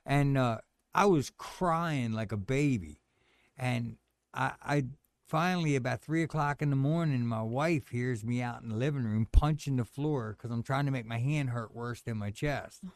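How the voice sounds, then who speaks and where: Animated man telling a story, dry sound. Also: medium pitch, normal speed, no echo. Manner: animated storyteller, acts out quoted voices, says "man" a lot. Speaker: guest telling a personal story. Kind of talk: casual storytelling chat.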